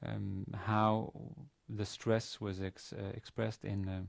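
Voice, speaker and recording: Male university lecturer, low mellow voice, hesitant and explanatory, dry close sound. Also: flat delivery, slow, vocal fry, no room sound. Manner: hesitant, explanatory, many fillers and restarts. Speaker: Arabic teacher. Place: university teaching room.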